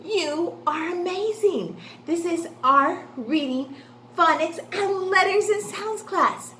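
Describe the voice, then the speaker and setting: Woman teacher, high bouncy voice, slow and sing-song, echoey room w/ faint hum. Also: a bit bright. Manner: sing-song, encouraging, asks questions and answers them herself. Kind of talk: phonics lesson for young children.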